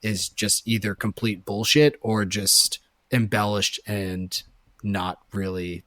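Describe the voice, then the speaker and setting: A man's voice: lowish voice, fairly even intonation, slow pace, pushed and bright, no room sound. A young adult man co-hosting a book club podcast, chatting eagerly and laughing easily. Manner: chatty, enthusiastic, easy laugh. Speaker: podcast co-host. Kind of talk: casual chat.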